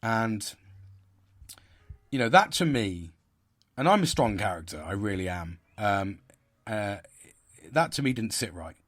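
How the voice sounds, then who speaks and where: A man's voice: lowish voice, big pitch swings, normal speed, fairly bright tone. A man hosting a podcast, talking in a rambling, frustrated way with many restarts and fillers. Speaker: podcast host. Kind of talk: casual monologue.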